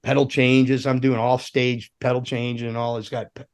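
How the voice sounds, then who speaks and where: A middle-aged American man swaps road stories on a casual podcast, rambling from one tangent to the next. He swears freely and drops into loud, animated voices whenever he quotes somebody, in a voice of ordinary male pitch. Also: moderate pace. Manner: rambling, profane, animated storyteller who acts out quotes. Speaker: podcast guest, former roadie. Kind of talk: casual storytelling chat.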